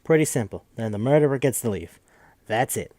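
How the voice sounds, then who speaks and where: A man's voice: medium pitch, expressive, brisk, mellow, dry recording. A man hosting a podcast, recapping a game in a rambling, joking, profane casual chat. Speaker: podcast host.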